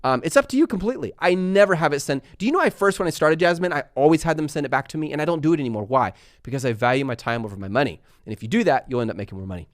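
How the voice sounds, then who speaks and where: A young man hosting a live stream, chatting fast and laughing as he answers viewer questions. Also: fairly high pitch, lively intonation, no echo, studio quality. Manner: fast-talking. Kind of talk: live Q&A chat.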